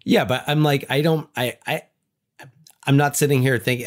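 A man's voice: mid-range voice, moderate pace. A man in his thirties co-hosting a podcast, chatting casually with many restarts and fillers. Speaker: podcast co-host. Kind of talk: casual chat.

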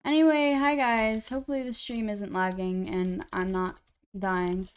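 A woman's voice: mid-range voice, flat delivery, measured pace, smooth. A woman live-streaming a game, chatting casually to her viewers in a rambling, self-deprecating way into a computer mic.

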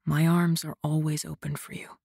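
A woman voicing a teasing young male warrior in a low, soft murmur. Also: a little slow, dry recording, clean studio sound. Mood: tender.

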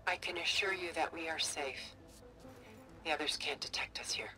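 An actress voicing a calm, refined older woman ally in a video game cutscene, measured and reassuring, softly spoken. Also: low voice. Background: game music.

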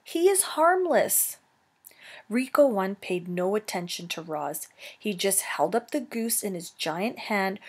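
A woman teacher reading a children's novel aloud, slow and careful, correcting herself now and then. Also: mid-range voice, breathy edge.

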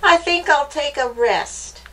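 A woman's voice: high-pitched, lively intonation, slow pace, fairly bright tone, distant mic, a little hiss or hum, voice pushed up, exaggerated voice. A woman voicing an unlucky young male mouse who grumbles and complains about his bad day in a storybook reading. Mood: grumbling. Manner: complaining, whiny.

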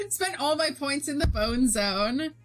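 A woman's voice: high voice, expressive, slow pace, faint music behind. A young woman streamer chatting casually with her viewers while she draws, giggling often and reading their messages aloud. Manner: giggly, reads chat aloud, bubbly. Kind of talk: casual chat while drawing.

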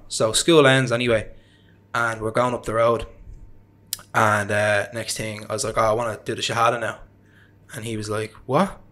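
This is a mid-range, fairly bright male voice from a young Irishman being interviewed. He tells his story conversationally and loosely, with frequent filler words and self-deprecating laughs.

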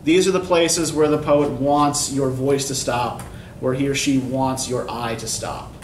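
A man's voice: medium pitch, fairly even intonation, measured pace, distant mic, slight background noise. A man teaching poetry in a classroom lecture, explaining terms and often checking in with "right?". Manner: explanatory, keeps asking "right?". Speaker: English instructor. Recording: echoey classroom recorded from afar.

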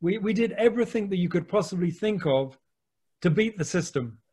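An English man, a wildlife photographer, telling lively anecdotes with the odd mild swear word over a video call. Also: high voice, brisk, breathy edge. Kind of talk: anecdotal storytelling.

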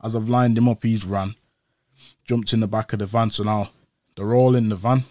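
A man's voice: on the low side, steady tone, moderate pace, mellow, no echo, studio quality. A man, an interview guest, retelling events in casual street slang. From Old Trafford, Manchester, England. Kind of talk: casual storytelling.

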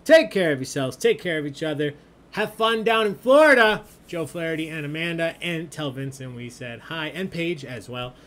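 A man's voice: on the high side, expressive, normal speed, fairly bright tone. A man hosting an online trivia game, reading out questions and answers in a jokey, chatty way. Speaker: trivia host. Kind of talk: live-streamed trivia hosting.

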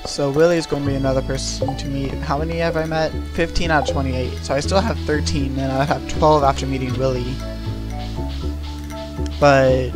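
A man's voice: mid-range voice, moderate pace. A young man giving casual, rambling commentary on his gameplay, with plenty of fillers. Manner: relaxed, rambling, many fillers. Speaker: gameplay video creator. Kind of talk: casual let's-play commentary. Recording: home recording with clear game music.

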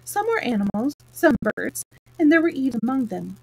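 Casting: a woman storyteller reading a children's book, fairly high voice, steady pace with slips. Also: a little fast, creaky, husky, rough recording.

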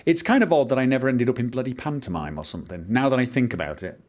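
A man's voice: mid-range voice, animated, fast talker, a little mellow. A man from Manchester with a Mancunian English accent, rambling theatrically while commentating a video game he plays. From Manchester, England. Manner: theatrical, exclaiming inflections. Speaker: Let's Play host.

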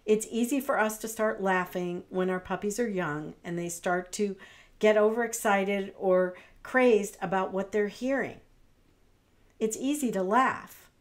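A middle-aged woman, a dog trainer, giving friendly, conversational advice straight to the camera. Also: medium pitch. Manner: friendly, conversational, acts out soothing phrases. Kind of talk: direct-to-camera advice talk.

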